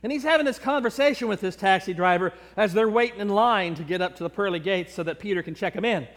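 A man's voice: high voice, quick pace, fairly bright tone. A man preaching a sermon in a church, telling a joke story and acting out the characters' voices. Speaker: pastor. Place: church sanctuary. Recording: long church reverb.

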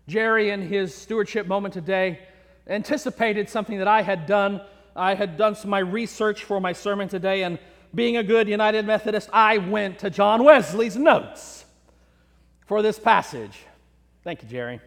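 A preacher with a high voice tells a joke story from the pulpit and slips into the characters' voices. The sound rings with the long reverb of a church sanctuary. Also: male voice, moderate pace. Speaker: pastor. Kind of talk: sermon with a told joke.

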